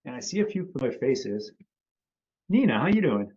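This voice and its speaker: An easygoing man hosts a live-stream lesson over a video call. His voice sits at a medium pitch and he greets people by name. The call audio sounds slightly dull and lo-fi. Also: sing-song, moderate pace, a little mellow, husky. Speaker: host and company CEO. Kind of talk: casual live-stream teaching.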